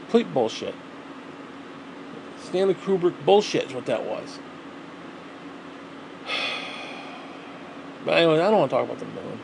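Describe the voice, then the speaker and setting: A man's voice: a little high, big pitch swings, a little slow, creaky, pauses often, noisy background. A man ranting alone in a vlog, rambling and exasperated, swearing constantly. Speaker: vlogger. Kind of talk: solo rant to camera.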